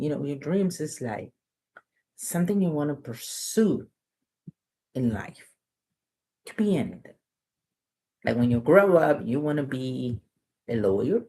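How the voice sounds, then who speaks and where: A woman's voice: deep voice, big pitch swings, a little slow, pauses often, mellow. A woman reading a children's book aloud, chatting and explaining words and lessons to young listeners. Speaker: storytime reader.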